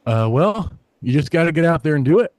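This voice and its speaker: Animated comedian man telling a story. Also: fairly high pitch, brisk, dry recording. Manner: animated anecdote-teller, acts out quoted voices. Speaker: stand-up comedian guest. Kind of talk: casual storytelling interview.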